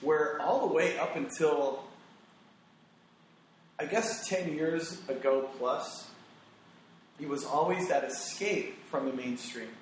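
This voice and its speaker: A man hosting a casual podcast chat, giving animated, opinionated takes with quoted asides. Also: on the high side, slow, pauses often, slight background noise. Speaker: podcast host. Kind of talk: casual conversational podcast talk. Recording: very echoey room.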